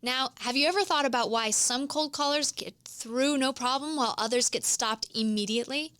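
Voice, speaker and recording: A woman hosts a business podcast, coaching listeners in an instructional monologue and demonstrating tones of voice as she explains. Her voice sits high and a bit bright, at a moderate pace, in a dry recording.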